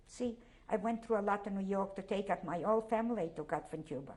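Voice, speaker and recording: An older woman from Poland with a Polish accent, giving a halting, emotional oral history interview and often repeating herself. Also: mid-range voice, darkish tone.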